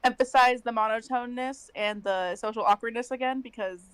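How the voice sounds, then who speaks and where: A woman's voice: a little high, fairly quick, clean tone, no room sound. A woman playing in a tabletop game, chatting eagerly and joking with friends. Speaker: player. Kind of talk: casual tabletop game chat.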